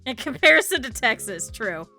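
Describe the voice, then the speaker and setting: A woman's voice: fairly high pitch, big pitch swings, normal speed, pushed and bright, faint music behind. A young woman with a Midwestern accent chatting casually and rambling as she streams her needle-felting craft. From northern Ohio, US. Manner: rambling, chatty, thinks aloud. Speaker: VTuber streamer. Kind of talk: casual chat while crafting.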